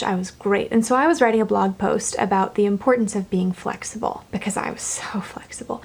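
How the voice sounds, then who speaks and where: A young adult woman casually telling a travel story to camera in a chatty, animated way. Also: medium pitch. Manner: chatty and animated, acting out quoted panic.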